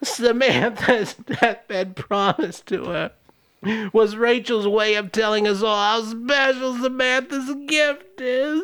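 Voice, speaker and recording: A man's voice: high-pitched, a bit bright, smooth. A man voicing a grieving, devout elderly grandmother in a comedic script table-read, earnest and melodramatic.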